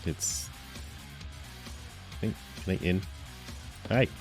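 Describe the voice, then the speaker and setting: A man's voice: low-pitched, extremely slow, over music. A man streaming a game live, chatting with viewers in playful, mock-offended banter with stammering restarts.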